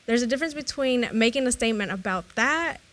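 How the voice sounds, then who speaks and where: A woman's voice: on the high side, fast talker. A young woman co-hosting a podcast, chatting casually and telling stories animatedly with frequent laughter. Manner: animated storyteller, laughs often. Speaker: podcast co-host. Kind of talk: casual chat.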